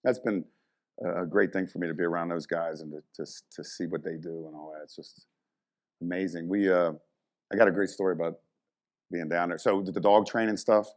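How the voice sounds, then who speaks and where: Deep-voiced middle-aged strength coach. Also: male voice, brisk. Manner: animated, swears freely, many "you know" fillers. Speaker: strength coach and motivational speaker. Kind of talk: casual storytelling talk.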